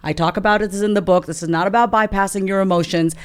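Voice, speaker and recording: Woman in her thirties, guest author; candid, lively, mid-pitched, acts out her inner voices. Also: racing, clear, resonant tone. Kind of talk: conversational interview.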